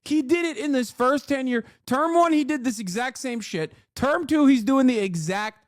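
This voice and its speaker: High-pitched man ranting on a stream. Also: moderate pace, dry recording, studio quality. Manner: emphatic, exasperated ranting with profanity. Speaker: political streamer. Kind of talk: live-stream reaction commentary.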